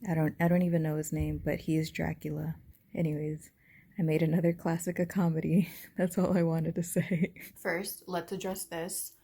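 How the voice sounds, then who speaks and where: A book vlogger rambling casually to camera about books, self-deprecating and full of "like" fillers. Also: female voice, sits low, little pitch movement, normal speed, vocal fry, warm tone.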